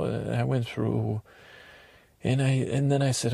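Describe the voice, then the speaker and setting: Naive rambling man with a gravelly voice. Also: mid-range voice, fairly even intonation, normal speed, dark tone, dry recording. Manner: acts out quotes in silly voices. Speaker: podcast host in character. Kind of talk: rambling comic monologue.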